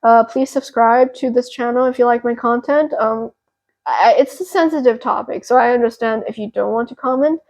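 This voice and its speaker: A young woman hosting a pick-a-card tarot reading, talking gently and reassuringly with a therapeutic tone and many fillers. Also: a little high, normal speed, rough recording. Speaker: tarot reader and channel host.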